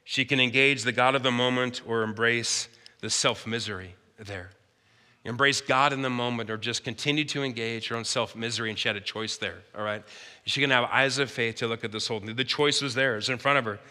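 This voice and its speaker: Male pastor, sermon, conversational, very bright voice, long hall reverb. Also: mid-range voice, steady tone, brisk. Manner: conversational preaching, acts out characters.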